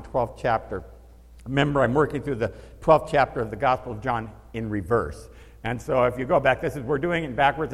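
A man preaching a sermon as a pastor, telling stories with animation and acting out the voices of the people he quotes. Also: medium pitch. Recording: long reverb of a large hall.

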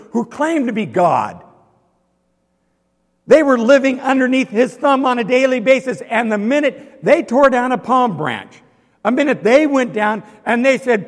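A male pastor preaching a sermon, swinging from hushed lines to loud ones and asking the congregation questions. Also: very high voice. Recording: long hall reverb.

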